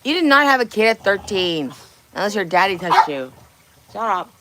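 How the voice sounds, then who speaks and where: In her home kitchen, a woman runs a casual livestream, swearing freely and bantering bluntly and teasingly with viewers. She has a sing-song, mid-range voice at normal speed, and heavy background noise fills the recording.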